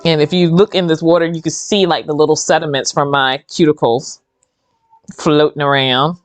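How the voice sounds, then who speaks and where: A woman's voice: low voice, normal speed, dry recording. A woman, hosting a casual, rambling chat while she does her own nails. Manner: chatty, rambling and animated. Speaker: host.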